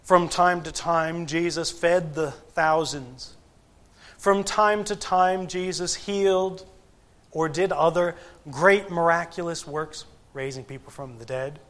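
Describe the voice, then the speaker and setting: A male preacher delivers a sermon in an unhurried, measured cadence, leaving long pauses between phrases. His voice sits a little higher than most men's, and he leans on rhetorical questions to press his points home. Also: steady tone, fairly bright tone. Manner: deliberate, emphatic, with frequent pauses and rhetorical questions. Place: church gathering.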